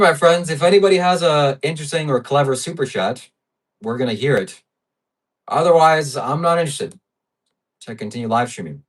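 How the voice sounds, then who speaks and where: A man's voice: mid-range voice, recorded from a distance. A man hosting a livestream, reading viewer donations in blunt, brash, profane casual chat. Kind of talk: casual live-stream chat.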